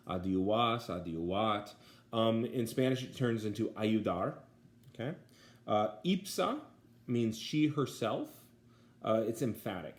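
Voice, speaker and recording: A man's voice: on the low side, darkish tone. A man teaching a Latin vocabulary lesson, saying each word twice and using plenty of "uh" and "okay" as he explains. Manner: patient, repeats each word twice, many fillers.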